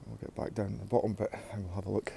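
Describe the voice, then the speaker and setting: A man's voice: lowish voice, little pitch movement, rapid-fire, vocal fry, background noise. A man vlogging a casual walking tour outdoors, slightly out of breath and talking to his viewers. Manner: casual, rambling, talks to viewers as guys. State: a bit out of breath. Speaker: urban explorer vlogger. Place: outdoors at an abandoned brickworks.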